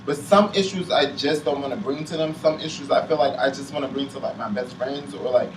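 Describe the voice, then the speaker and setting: A young man talking openly in a group chat, halting and full of fillers, close to tears. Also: mid-range voice. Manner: heavy use of "like", halting, on the verge of tears. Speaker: panelist. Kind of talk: emotional casual chat. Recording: roomy sound from a distant mic with faint noise.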